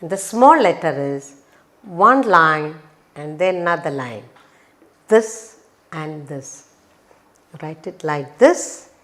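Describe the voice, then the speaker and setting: A woman teaching children phonics in a slow, sing-song teacher voice. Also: deep voice, expressive, a bit bright. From India.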